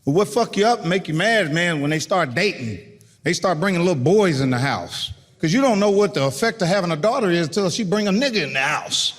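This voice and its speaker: A middle-aged man doing stand-up, telling a story with animated delivery and acted-out voices. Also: sits high, in a large hall. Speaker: stand-up comedian. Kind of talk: stand-up routine.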